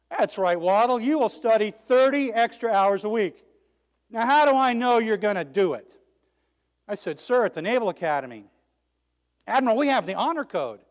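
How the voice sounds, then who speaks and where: A man giving a keynote speech, telling a story dramatically and acting out the voices and shouted cheers. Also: high voice. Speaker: keynote speaker. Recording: long hall reverb.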